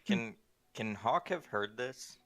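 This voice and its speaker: A man's voice: medium pitch, very animated, slow, a bit bright, soft background music. A man playing a tabletop game, joking in a crude, teasing way. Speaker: player. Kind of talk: casual tabletop game play.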